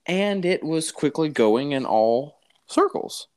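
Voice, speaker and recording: A man telling a funny personal story in casual chat, animated and often laughing, calling the listener dude. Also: a little high, slow pace, smooth.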